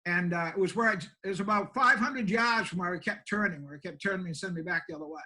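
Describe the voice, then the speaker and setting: This older Maine pastor, who runs a homeless shelter, talks fast in a high, pushed, bright voice, captured in a low-quality recording. During an interview he tells folksy stories in a plain, self-deprecating way.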